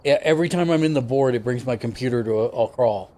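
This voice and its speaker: A man's voice: medium pitch, fast talker, dark tone. Chatty male streamer greeting viewers. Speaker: streamer host. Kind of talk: casual gaming stream chat.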